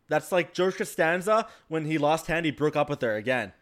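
A man's voice: on the high side, lively intonation, brisk, hardly any pauses, a bit bright. A man in casual podcast chat, telling a dating story and defending himself with swearing.

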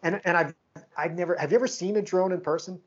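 Animated man telling a story, lo-fi. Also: high-pitched, quick pace. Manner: animated, acts out quoted exchanges. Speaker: podcast co-host. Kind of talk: casual storytelling chat.

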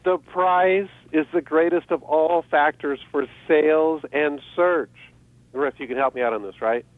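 A man's voice: a little high, fairly even intonation, unhurried, no echo. A man giving selling tips as a guest on a radio show, upbeat and laughing often. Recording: dry, tinny phone line.

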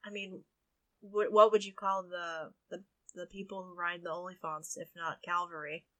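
A woman co-hosting a casual chat, quick to question and push back, laughing often. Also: lowish voice, fairly even intonation, bright, forceful tone. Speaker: podcast co-host.

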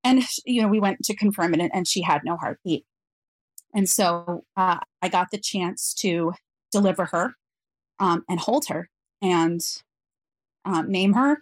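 A woman guest on an interview podcast, telling a personal story in an earnest, reflective way with frequent pauses. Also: lowish voice, no echo.

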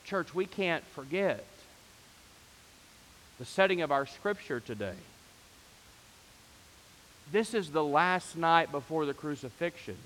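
A man's voice: fairly high pitch, fairly bright tone, long reverb tail, low-quality recording. A man pastor preaching a sermon, rising to fervent emphasis on repeated phrases.

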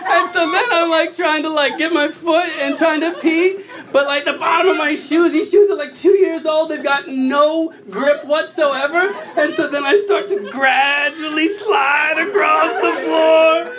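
At a measured pace and in a steady tone, a thirtysomething man works a comedy club crowd with a handheld microphone against a noisy background. He's a laughing storyteller, breaking into sudden high squeals whenever he acts out a quote, and the audience laughs along.

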